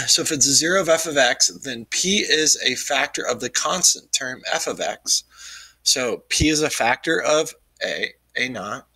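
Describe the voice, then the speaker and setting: A man talks through a recorded math lesson while he has nearly lost his voice. His tone is bright, and he explains casually with frequent ums. The sound is dry and close, with no room echo. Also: mid-range voice, expressive, a little slow, husky. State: losing his voice. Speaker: math teacher.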